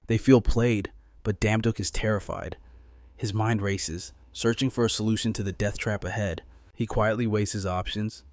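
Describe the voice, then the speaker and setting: Male recap narrator, lowish, dry close sound, dramatic and urgent. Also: fairly even intonation, normal speed, darkish tone, dry recording.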